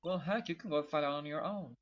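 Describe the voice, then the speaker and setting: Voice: medium pitch, fast talker, lo-fi sound, close to an everyday voice. A streamer voicing a sly, teasing informant who drawls folksy sayings.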